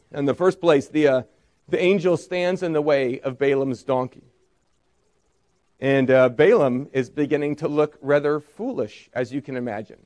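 A pastor preaches a sermon, retelling a story peppered with rhetorical "right?" questions and briefly acting out the voices of the people in it. His voice is on the high side and a little mellow.

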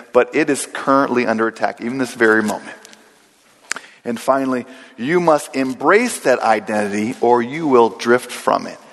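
A man's voice: medium pitch, vocal fry. Male preacher, mid-range voice, earnest sermon delivery in a church with a long hall echo. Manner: earnest preaching, slows down and repeats key phrases. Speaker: pastor. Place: church sanctuary.

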